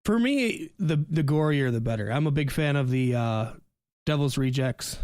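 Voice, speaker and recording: A man's voice: medium pitch, normal speed, no room sound, clean studio sound. A man co-hosting a podcast, joking around in casual chat and reading sponsor spots. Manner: animated, joking banter. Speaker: podcast co-host.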